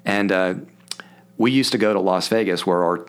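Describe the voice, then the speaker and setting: Older man from Philadelphia, podcast guest, slightly low voice, animated storyteller. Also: normal speed, clear, resonant tone, faint music behind. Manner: animated, acts out quoted voices. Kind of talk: casual storytelling.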